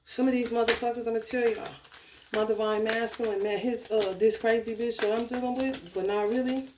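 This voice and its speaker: A woman speaking, ranting in a casual spiritual vlog. Her voice sits a little high and comes back off the walls of an echoey room, and she talks profanely with sudden bursts of animation. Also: a little fast, background noise. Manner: profane, animated, laughing outbursts. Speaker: spiritual tarot reader.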